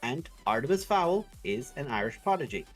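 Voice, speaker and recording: A man streaming while he draws, chatting casually in rambling, sweary, animated rants. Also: medium pitch, moderate pace, faint music behind.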